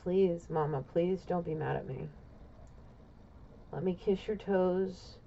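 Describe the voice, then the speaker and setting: A woman's voice: fairly low pitch, slow, gravelly, dark tone, highs cut off, slight background noise. A woman voicing a remorseful man begging forgiveness. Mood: pleading. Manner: pleading, humble.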